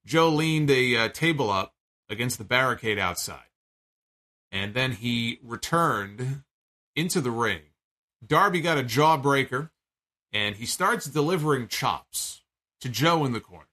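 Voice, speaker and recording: A man with a bright, forceful voice talks through a wrestling match in a loose, unscripted recap. He is animated and incredulous, swears freely, and stumbles over restarts and fillers as he goes. His pitch sits in an ordinary middle range. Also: a little slow. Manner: animated, profane, incredulous storytelling. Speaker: wrestling show reviewer. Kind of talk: casual spoken recap.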